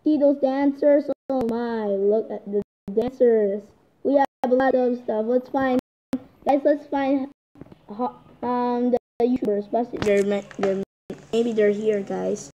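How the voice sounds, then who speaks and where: A woman giving excitable, chatty commentary while playing a game, often calling out to "guys". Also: fairly high pitch, slow pace, muffled recording, slight background noise. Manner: excitable, keeps repeating "guys". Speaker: gaming vlogger.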